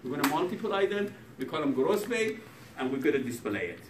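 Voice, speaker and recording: A man's voice: fairly high pitch, big pitch swings, a little fast. A man lecturing a programming class in a non-native English accent, joking with students in broken English. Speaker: programming professor. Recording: echoey classroom from far off with noise.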